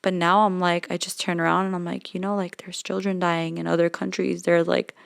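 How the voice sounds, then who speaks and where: Brief: lowish gravelly woman, chatty podcast talker, dead-dry sound. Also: little pitch movement, no echo. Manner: chatty, quick agreeing fillers. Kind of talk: casual podcast chat. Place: studio in Los Angeles.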